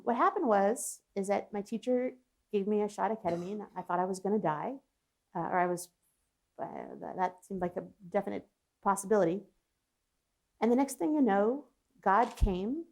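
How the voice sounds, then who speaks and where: There's vocal fry in this woman's mid-range voice. She's a psychologist guesting on an interview, recounting something personal in an earnest, reflective way, with many restarts and laughs.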